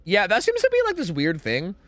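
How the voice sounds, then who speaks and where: Animated young American man streaming. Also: high-pitched, fairly quick, no room sound. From United States. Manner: rambling, animated, swears casually, hums to himself. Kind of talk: casual gaming livestream chat.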